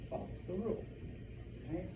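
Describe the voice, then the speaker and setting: A man teaching a Spanish class to students, repeating words slowly to model their pronunciation. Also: lo-fi sound, background noise. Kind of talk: classroom lesson.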